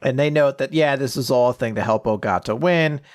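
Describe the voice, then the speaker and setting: A man's voice: medium pitch, brisk. A man hosting a podcast, casually recapping comics, swearing and jumping into quoted voices. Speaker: podcast host.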